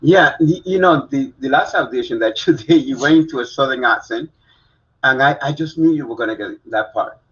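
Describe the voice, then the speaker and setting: A man co-hosts a live stream in a mid-pitched voice, easygoing and playful. He backs his partner with quick "mm-hmm"s and teasing asides. The audio is dull and lo-fi. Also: fairly bright tone. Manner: supportive, lots of short agreeing interjections, playful. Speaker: co-host of a live online talk show. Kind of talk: casual live-stream chat.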